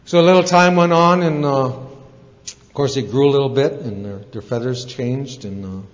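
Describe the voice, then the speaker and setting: A man's voice: mid-range voice, moderate pace. A man tells a folksy story at a recovery meeting in a casual, rambling way, full of asides. His voice sits in the middle range and echoes around a large hall. The recording sounds dull and lo-fi.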